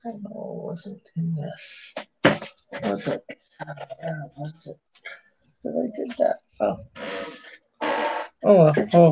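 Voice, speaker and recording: A man hosting a live stream, unhurried in pace, his voice coming through dull and lo-fi. He reads viewer messages aloud in a rambling, casual way and often trips over his words. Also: high voice, warm tone.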